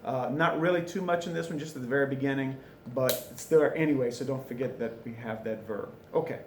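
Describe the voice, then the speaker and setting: A man teaching French in a classroom, chatty and informal, repeating phrases slowly for students to drill. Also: mid-range voice, echoey room, slight background noise. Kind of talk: recorded classroom lesson. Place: classroom with a board.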